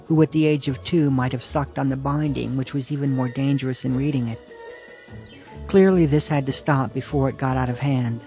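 A man reads his own humorous essay aloud in a radio studio. His delivery is dry and understated at a middle pitch. Faint music sits under his voice. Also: a little mellow. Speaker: author reading his own story. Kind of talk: reading a humorous personal essay.

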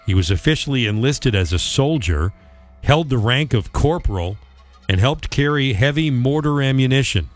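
A man's voice: mid-range voice, animated, moderate pace, faint music behind. A man co-hosting a radio show, reading ads and trivia in a casual chat with dry quips. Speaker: radio co-host.

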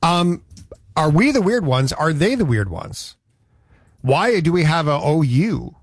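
A man's voice: on the high side, big pitch swings, unhurried, slightly rough, dry recording. A man from Canada hosting a radio show, chatting in a rambling, conversational way. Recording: dry studio sound.

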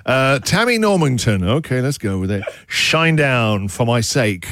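A man's voice: medium pitch, big pitch swings, a little slow, fairly bright tone, no room sound, studio quality. A man hosting a radio show who jokes around, laughs often and reads out listener emails. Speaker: radio host. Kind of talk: breakfast radio segment.

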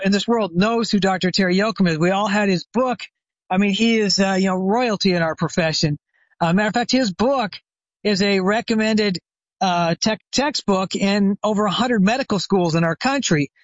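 A man, a retired chiropractor, telling a lively anecdote as the guest expert of an interview. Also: sits high, moderate pace, dry recording. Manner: animated anecdote teller, acts out quoted phone calls. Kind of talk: storytelling interview. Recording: dry, slightly dull sound.

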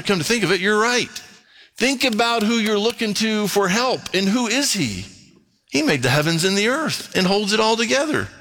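A male preacher with a fairly high voice delivers a sermon and reads scripture aloud. He is emphatic, sinking to hushed tones and then climbing into excited, rising questions. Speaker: pastor.

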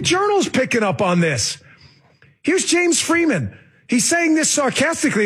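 A man hosting a political talk show, delivering a combative, ranting monologue with shouted outbursts. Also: very high voice, big pitch swings, unhurried. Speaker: political commentary host.

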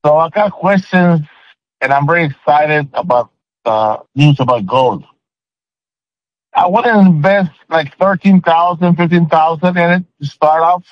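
A man's voice: fairly high pitch, a little slow, dry recording, highs cut off. A man calling in to a radio show, asking polite, eager and slightly hesitant questions. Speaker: caller. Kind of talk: phone-in question.

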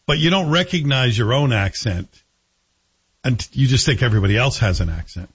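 A man's voice: mid-range voice, animated, fairly quick, husky, muffled recording. A man from Scotland hosting a morning talk radio show in a chatty, playful way, mimicking voices now and then. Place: radio studio.

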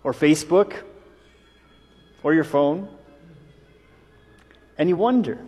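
A man's voice: high-pitched, animated, slow, long pauses, warm tone, soft background music. Man preaching a sermon in a reverberant church. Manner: conversational, with small jokes and asides. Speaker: pastor. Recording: long reverb of a church hall.

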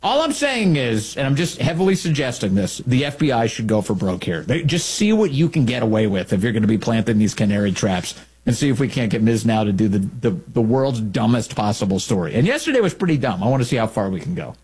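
Husky, mocking male commentary host. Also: mid-range voice, a little fast, hardly any pauses. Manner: mocking, incredulous, animated. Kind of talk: sarcastic solo commentary.

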